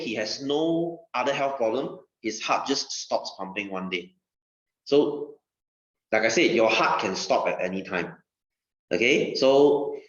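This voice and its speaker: Man, science teacher, chatty and repetitive, lively pitch, echoey muffled recording. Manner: chatty, repeats phrases, asks rhetorical questions. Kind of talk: casual recorded science lesson. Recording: dull, roomy recording.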